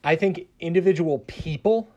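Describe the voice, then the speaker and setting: A man's voice: on the high side, normal speed, darkish tone, dull audio. A man from the American South who works in public radio, talking through a question in a casual panel discussion with lots of fillers and restarts. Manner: hesitant, many restarts and fillers. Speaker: public radio journalist guest.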